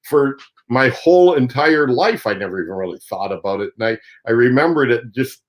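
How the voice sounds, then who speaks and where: A man's voice: mid-range voice, animated, moderate pace, low-quality recording. A Canadian man, a professional angler, telling a story in a casual, rambling way with many fillers. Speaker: professional angler and show host.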